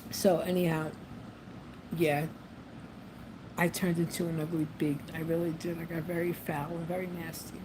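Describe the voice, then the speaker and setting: A woman's voice: low-pitched, little pitch movement, normal speed, pauses often. A woman vlogging in a casual monologue, chatty and repeating herself with frequent ums. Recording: noisy background ambience.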